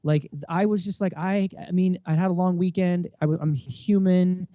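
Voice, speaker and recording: This thirtysomething podcast guest speaks in a high-pitched voice at a moderate pace, sharing frank interview stories and performing bits of dialogue with lively flair. There's no room sound, but the audio comes across dull.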